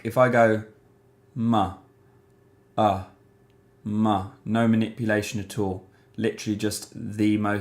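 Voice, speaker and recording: A man giving a casual voice lesson, explaining resonance and singing short syllables to demonstrate. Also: fairly low pitch. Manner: demonstrates vocal sounds on syllables like "ma" and "mum"; relaxed, conversational explaining. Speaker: singing teacher. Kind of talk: voice lesson to camera.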